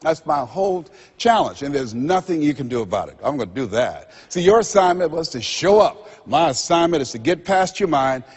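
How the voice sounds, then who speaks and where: An older man giving a motivational seminar speech to a live audience, preacher-like, with dramatic pauses and repeated phrases. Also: on the high side, sing-song, darkish tone, slightly rough, dull audio. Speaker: motivational speaker. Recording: long hall reverb. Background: audience laughter.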